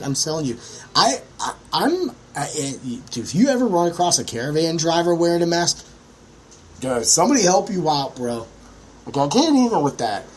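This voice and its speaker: A brash man rants through his own podcast, cursing freely and jumping into sudden high yelps. His pitch swings widely and sits a little high. A faint hiss lies under the voice. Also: low-quality recording. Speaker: podcast host. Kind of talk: profane ranting monologue.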